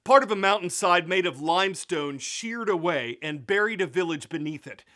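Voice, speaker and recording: A man hosting a news show, reading scripted narration in a crisp, measured delivery. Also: high voice, lively intonation, pushed and bright.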